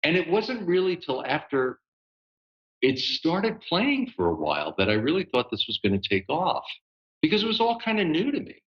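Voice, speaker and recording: A man in his sixties, a voice actor, telling stories in a relaxed interview with many fillers and laughs. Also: fairly high pitch, normal speed, lo-fi sound. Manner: animated, laughing storyteller with lots of fillers. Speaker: guest voice actor. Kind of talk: casual interview storytelling.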